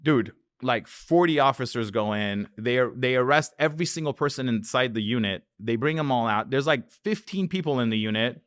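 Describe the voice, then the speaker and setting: A man's voice: medium pitch, animated, normal speed, few pauses, a bit bright, dry recording. Profane storytelling man, dry close mic. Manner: profane, acts out voices in his anecdotes. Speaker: real estate investor guest. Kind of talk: animated storytelling.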